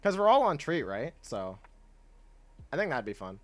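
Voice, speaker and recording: A young man casually chatting with his chat while playing a video game, laid-back and quick to laugh. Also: on the high side, very animated. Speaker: streamer.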